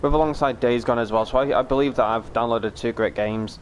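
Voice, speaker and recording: A man's voice: medium pitch, steady tone, fairly quick, a little hiss or hum. A man streaming a game, chatting casually with viewers in a rambling way, full of fillers and restarts. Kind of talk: casual live-stream chat while gaming.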